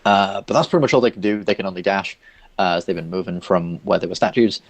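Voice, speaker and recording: Brief: male dungeon master, deep-ish voice, rambling descriptive narration. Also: fast, no echo, soft background music. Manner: loose, filler-heavy descriptive narration. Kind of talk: narrating a tabletop game.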